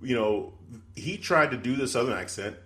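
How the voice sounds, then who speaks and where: On a podcast he co-hosts, a man talks in a loose, rambling way full of fillers. His voice is mid-range and somewhat bright, with lively intonation and ordinary pacing.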